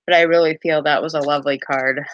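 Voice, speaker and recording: A woman's voice: sits low, steady tone, fast talker, fairly bright tone, dull audio. A woman casually chatting on a live stream as a card reader, giggly and full of fillers.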